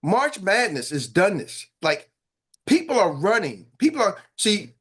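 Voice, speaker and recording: A man hosting a morning sales-training call as coach, talking in an animated, hyped and slangy way with quick asides. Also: sits high, slightly rough. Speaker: sales coach and show host. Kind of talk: energetic motivational team talk.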